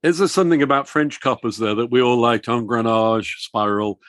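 A man's voice: mid-range voice, brisk, a bit bright, no echo. A man hosting a casual book discussion and steering it with questions. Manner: leads with questions, chatty and inquisitive. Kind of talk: casual chat.

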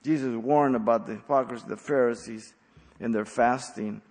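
A man preaching an expository sermon as pastor, blunt and emphatic, with sudden loud stresses. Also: mid-range voice, fairly quick, big-room sound.

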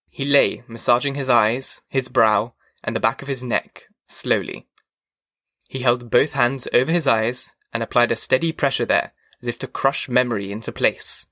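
Dry, measured male audiobook narrator. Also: medium pitch, pushed and bright, no room sound. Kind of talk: scripted narration.

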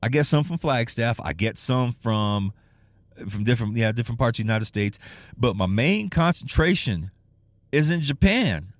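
A man's voice: medium pitch, lively intonation, normal speed, no echo. A man hosting a casual solo podcast, rambling and swearing, laughing often and restarting his sentences. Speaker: podcast host.

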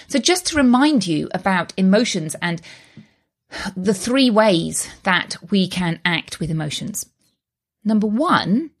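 Woman in her thirties, host of a motivational talk, earnest and reassuring, conversational delivery. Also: lowish voice.

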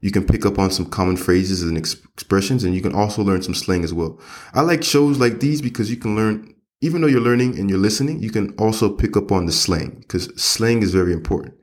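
Man, very deep voice, relaxed English lesson podcast, chatty and rambling. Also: fairly quick. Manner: conversational, rambling, frequent fillers and restarts. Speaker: English teacher and podcast host. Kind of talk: casual spoken lesson.

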